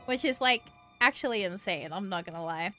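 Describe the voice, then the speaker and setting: A woman's voice: mid-range voice, expressive, a little fast, sharp tone, soft background music. A woman from Australia with an Americanized Australian accent, chatting casually on a game stream and rambling with lots of "like" and free swearing. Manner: rambling, many "like" fillers, swears freely. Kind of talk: casual live-stream chat.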